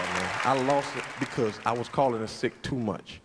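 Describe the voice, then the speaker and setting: A man's voice: sits high, brisk, hardly any pauses. A man performing a stand-up routine on a club stage, telling stories and acting out the people in them. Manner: animated storytelling, acting out characters. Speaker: stand-up comedian. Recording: roomy hall with loud crowd noise. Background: audience laughter.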